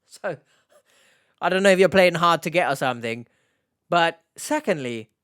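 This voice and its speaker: A man riffs through a casual reaction commentary with a sarcastic, mocking edge. His voice sits a little high and comes across smooth and clean. The sound is close and dry, with no room around it. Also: expressive, moderate pace, a bit bright, no echo. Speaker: online reaction host.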